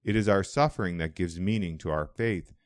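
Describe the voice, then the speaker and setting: A man voicing an older hermit monk, devout and calm, who speaks in a booming but welcoming way in an audiobook. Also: fairly quick, dry recording, studio quality, lightly acted. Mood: earnest. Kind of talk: audiobook dialogue.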